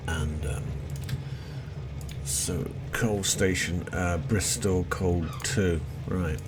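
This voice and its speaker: A man's voice: low-pitched, steady tone, drawn-out words. A middle-aged man giving chatty, self-deprecating gameplay commentary, often muttering to himself as he plays. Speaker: let's play host. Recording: noisy background with seagulls.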